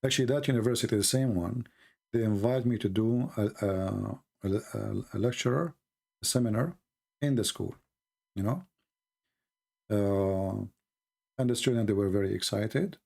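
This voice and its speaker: A man hosting a casual livestream, rambling and animated, often mocking people in put-on voices. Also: on the low side, normal speed, vocal fry, long pauses. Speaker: livestream host.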